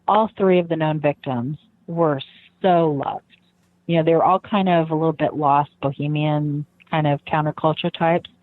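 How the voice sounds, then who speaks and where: Earnest woman recounting over a tinny line. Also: sits low. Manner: earnest, reflective, frequent "you know" fillers. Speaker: guest, daughter of a convicted killer. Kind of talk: personal recollection in an interview.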